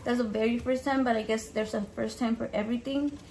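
Woman, cooking vlog, casual profane chat, Spanish words mixed in, a bit high-pitched, faint background noise. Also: steady tone, quick pace. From Mexican heritage. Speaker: home cook vlogger.

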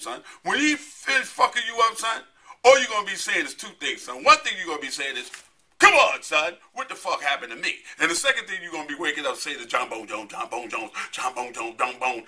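Brash, animated man ranting in a bright voice. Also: fairly high pitch. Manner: brash, profane, animated, repeats a catchphrase. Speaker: host of comedy promo bit. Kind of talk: comedic promo rant.

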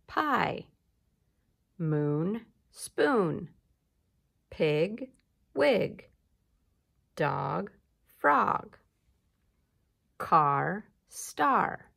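A woman teacher giving a slow, encouraging recorded lesson to young children, prompting them to repeat words. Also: on the low side, vocal fry.

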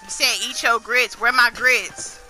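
A woman's voice: a little high, steady tone, unhurried. A young woman doing casual live-stream commentary, trash-talking and laughing as she plays. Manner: loud, playful trash talk with bursts of laughter. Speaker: gaming streamer. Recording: gameplay music underneath. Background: game gunfire and music.

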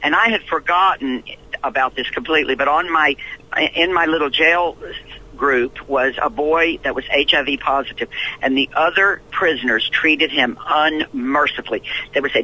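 Southern guy from tennessee, fifties, kinda high husky voice, tells stories and does all the voices. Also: normal speed, rough recording. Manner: acts out quoted voices with lively swoops. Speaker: guest. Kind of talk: animated storytelling in an interview.

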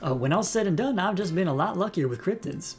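A man's voice: high voice, lively intonation, quick pace, faint music behind, pitched above the performer's own voice. A man putting on a folksy Southern cryptid hunter. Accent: put-on Southern US. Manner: breezy, rambling, folksy.

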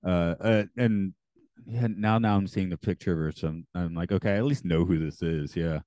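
A man co-hosting a podcast, chatting casually and halting with frequent restarts. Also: deep voice, mellow, dry recording. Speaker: podcast co-host. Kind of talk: casual chat.

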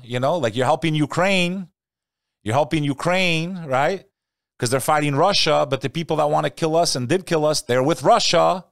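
A man hosting a podcast, talking casually and animatedly, swinging between loud rants and quiet asides. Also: medium pitch, no room sound, studio quality. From Albanian family. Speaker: podcast host. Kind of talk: casual talk-show commentary.

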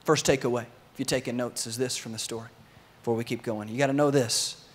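A man preaching a sermon to his congregation, telling a story with lively energy and sometimes acting out the voices of its characters. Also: mid-range voice, fast talker, slight background noise. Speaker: pastor.

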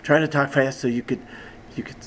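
A man with a Southern US accent, chatting casually behind the scenes of his puppet videos, rambling and unhurried. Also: mid-range voice, fairly even intonation, a bit bright, a little hiss or hum.

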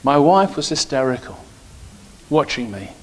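A middle-aged male pastor preaching in church at an ordinary pitch for a man. He moves from easy anecdotes into firmer, emphatic points, pressing his key lines home. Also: very animated, unhurried. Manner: storytelling, grows emphatic and preachy. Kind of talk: sermon with personal stories.

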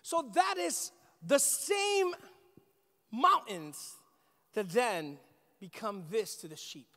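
A man preaching a sermon, his voice sitting unusually high for a man. He speaks emphatically and straight to the congregation, slowing down to read scripture. The sound carries the long reverb of a large church hall. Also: huge pitch swings, sharp tone. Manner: emphatic, addresses congregation directly, slows for scripture reading. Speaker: pastor. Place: church sanctuary.

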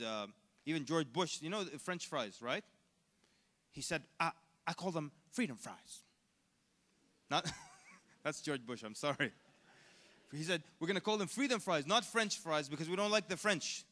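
A man giving a conversational, animated lecture at a convention, asking the audience questions as he goes. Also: medium pitch. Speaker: Islamic lecturer. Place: large convention hall. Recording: echoey hall.

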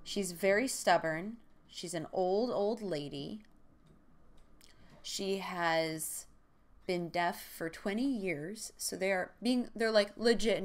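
A woman's voice: medium pitch, takes it slowly. A young woman hosting a comedic book-recap show, retelling the story with sarcastic jokes and asides. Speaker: podcast host.

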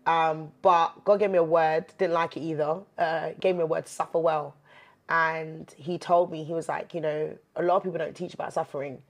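A woman guest in a candid interview, speaking earnestly of faith and healing, turning lively and laughing when she jokes. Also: deep voice, brisk. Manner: earnest, animated when joking, many fillers. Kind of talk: candid faith-based chat.

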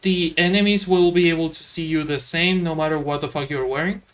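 Man doing sarcastic, profane let's-play commentary with a fairly high voice. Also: steady tone, brisk, a bit bright. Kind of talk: gameplay commentary.

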